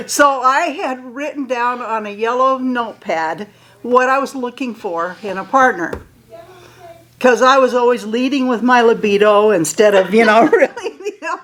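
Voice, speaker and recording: An older woman from Utah, her voice a little high and the audio poor, tells a story to an audience. She's casual and animated, laughing as she acts out both sides of old conversations.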